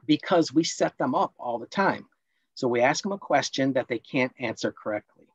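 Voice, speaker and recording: A man presenting a parenting workshop online, explaining points and acting out scolding parents in quick role-plays. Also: medium pitch, animated, breathy edge, no room sound, dull audio.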